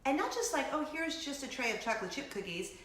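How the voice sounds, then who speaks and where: Chatty woman host, bright voice, bouncy pitch, echoey room. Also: fast talker. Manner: bubbly, chatty, gushing with excited asides. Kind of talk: casual chat to camera.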